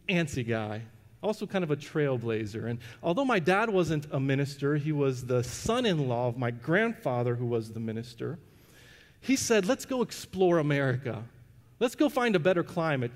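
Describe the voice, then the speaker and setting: Pastor preaching in a reverberant hall. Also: male voice, fairly high pitch, darkish tone. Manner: conversational, with frequent restarts and fillers. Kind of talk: sermon with personal storytelling. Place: church sanctuary. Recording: long reverb of a church hall.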